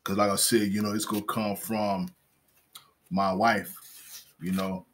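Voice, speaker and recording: A man with a very low voice talks about scripture with his wife in a relaxed discussion. His speech is halting and packed with fillers, and his tone has a husky edge. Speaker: co-host, husband. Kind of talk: casual Bible discussion.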